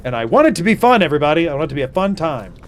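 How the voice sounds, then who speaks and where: This gaming streamer's voice is on the high side, with a little hiss or hum in the recording. He provides live gameplay commentary, full of lively fake indignation and rapid remarks to chat.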